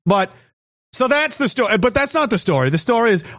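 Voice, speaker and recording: A man's voice: very high voice, sing-song, a little fast, a bit bright. A man in a heated, profane, sarcastic political rant. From Canada. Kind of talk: angry political rant to camera. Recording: dull lo-fi audio.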